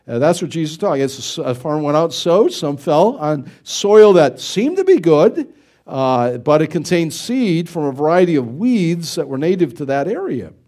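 A middle-aged American pastor gives a folksy, conversational sermon, often asking his listeners rhetorical questions. His voice is a little high for a man and mellow, and its pitch swings freely. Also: very animated, normal speed. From United States.

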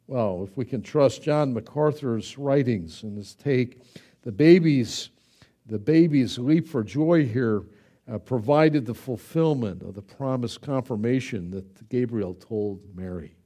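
A middle-aged male pastor preaching a conversational sermon, exuberant and animated, with chatty asides to the congregation. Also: medium pitch, measured pace.

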